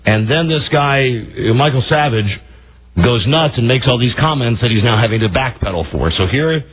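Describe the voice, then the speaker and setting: Man, radio host, emphatic and indignant, husky, tinny phone-like audio. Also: mid-range voice, animated, moderate pace. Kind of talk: talk radio commentary.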